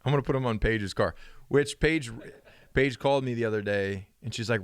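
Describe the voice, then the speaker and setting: A man's voice: moderate pace, no room sound, studio quality. A man co-hosting a podcast, chatting casually and acting out the voices in his stories. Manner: animated storyteller, acts out quoted dialogue with rising pitch. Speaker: podcast co-host. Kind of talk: casual chat.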